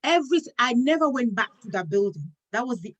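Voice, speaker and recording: A woman's voice: fairly high pitch, sing-song, quick pace. A middle-aged woman hosting a talk show, telling a personal story in earnest and acting out what was said. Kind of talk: casual talk show conversation.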